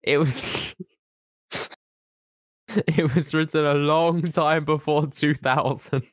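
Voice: mid-range voice, fairly even intonation, very slow, no room sound, studio quality. A podcast co-host in casual comedic chat, teasing a friend, mocking, and laughing often.

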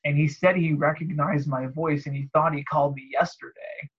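Husky man telling work stories. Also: moderate pace, lo-fi sound. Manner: animated storyteller, mimics callers in a high voice. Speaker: podcast co-host. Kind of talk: casual chat.

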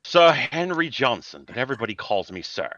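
Man putting on a pompous posh old gentleman. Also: medium pitch, very animated, a little fast, no room sound, dull audio. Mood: haughty. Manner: haughty, affected, prim.

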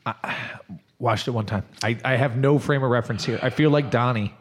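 A man's voice: mid-range voice, brisk. A man hosting a podcast, jokey and upbeat as he wraps up the show. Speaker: podcast host. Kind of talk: casual podcast chat and sign-off.

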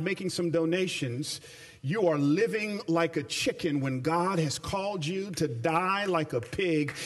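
High-voiced, emphatic male preacher. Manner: emphatic, shifts between slow stressed phrases and rapid runs; colloquial asides. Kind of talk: sermon.

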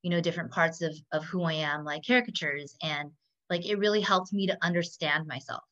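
A woman's voice: on the low side, fairly quick, fairly bright tone, muffled recording. A woman talking as a coaching client, chatty and full of fillers, often laughing. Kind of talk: casual conversation.

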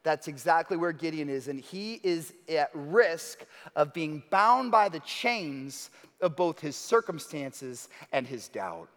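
A man's voice: a little high, takes it slowly. A man preaching a sermon, telling the story casually and acting out the quotes. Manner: conversational, animated storytelling with acted-out quotes. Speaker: pastor. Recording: long reverb of a large hall.

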